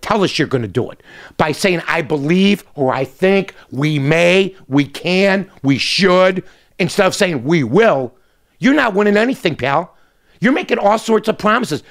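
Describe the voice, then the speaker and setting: A middle-aged man hosting a short commentary segment, blunt and combative, ending his points with a pushy "okay?". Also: a little high. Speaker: sports radio host. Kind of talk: opinionated commentary monologue.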